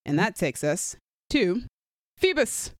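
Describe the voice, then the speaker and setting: A woman's voice: medium pitch, very animated, slow, dry recording, studio quality. A woman co-hosting a podcast, talking enthusiastically with many fillers about her fan casting picks. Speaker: podcast co-host. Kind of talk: casual fan-casting chat.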